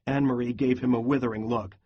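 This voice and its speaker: A man reading a novel aloud in a steady, even voice for a class lesson. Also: mid-range voice, fast, muffled recording. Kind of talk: read-aloud lesson narration.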